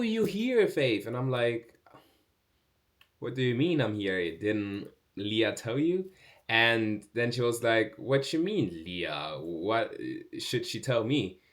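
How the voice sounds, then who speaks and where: A young man telling a casual storytime vlog, chatty with fillers, acting out other people's lines with big jumps in pitch. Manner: animated, acts out quoted speech with big pitch jumps; chatty, many fillers like "like" and "bro". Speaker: vlogger.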